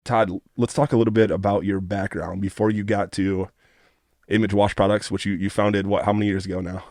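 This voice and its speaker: A man with a Midwestern American accent hosting a podcast, asking questions in a relaxed, conversational way. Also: on the low side, brisk, no echo, studio quality. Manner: upbeat announcer delivery in the intro, relaxed conversational questions after. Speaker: podcast host. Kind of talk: scripted show intro, then casual interview.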